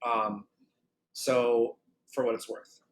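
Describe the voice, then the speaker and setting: A man's voice: medium pitch, level tone, slow, slight background noise. Man coaching a clarinet masterclass. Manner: sings phrases on nonsense syllables to demonstrate; thinks aloud with many restarts and ums. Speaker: clarinet teacher leading a masterclass. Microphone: video call.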